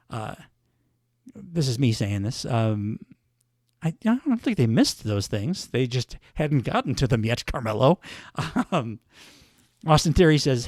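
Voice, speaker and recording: Dude recapping wrestling alone, chatty and wry, mid pitch, dry mic. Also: male voice, animated, a little slow, long pauses, no room sound. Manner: chatty, wry asides, frequent "uh"s. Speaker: podcast host.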